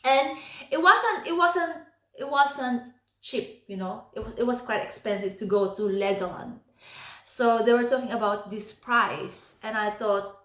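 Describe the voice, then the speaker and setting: A woman with a Filipino accent tells stories for her vlog, her voice pitched a little high. She talks in an animated way and laughs often between points. The sound bounces around an echoey room. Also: measured pace. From Philippines. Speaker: vlogger. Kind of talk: casual storytelling vlog.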